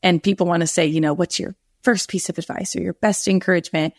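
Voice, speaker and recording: Lower-voiced woman on a podcast, earnest, rambles a bit and corrects herself, dry close sound. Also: fairly even intonation, fast, dry recording. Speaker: guest author. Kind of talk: candid podcast interview.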